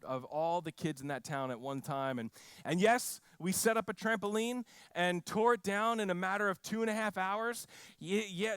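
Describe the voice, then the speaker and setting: Man, pastor, sermon, storytelling, restarts often, slightly high voice, dry close sound. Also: smooth, no room sound. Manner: storytelling with frequent restarts and animated quoted voices.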